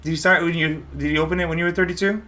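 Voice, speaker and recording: A man hosting a casual podcast chat, telling animated stories and swearing freely. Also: a little high, rapid-fire. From Los Angeles. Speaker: podcast host.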